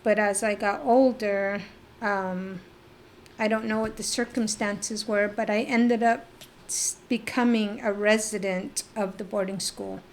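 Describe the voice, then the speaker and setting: A middle-aged woman from northeastern Arizona, recounting her life as an interview guest, reflective and halting, with pauses and fillers. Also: mid-range voice, steady tone, a little hiss or hum. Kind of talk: personal life-story interview.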